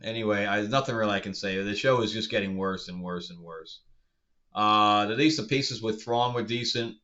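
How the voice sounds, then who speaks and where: A frustrated man talks through a show review in a bright, edgy voice, sarcastic and rambling. The recording sounds dull and lo-fi. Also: fairly low pitch, moderate pace. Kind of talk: casual review vlog.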